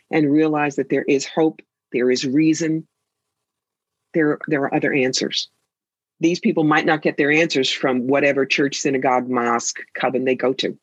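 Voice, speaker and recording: A woman's voice: sits low, husky, no room sound, muffled recording. A woman psychic and author telling stories in an interview, with a sassy, theatrical manner. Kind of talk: interview conversation.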